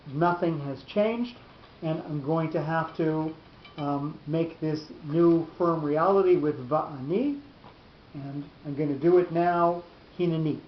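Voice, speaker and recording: A man teaching a Torah class in a deliberate, halting explanatory lecture, often restarting his phrases. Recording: roomy, dull lo-fi recording with faint rumble.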